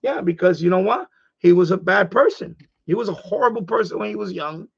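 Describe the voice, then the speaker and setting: A man's voice: high-pitched, a little fast, creaky, husky, muffled recording. A man hosting a casual ham radio live stream, rambling and repeating himself as he gets heated.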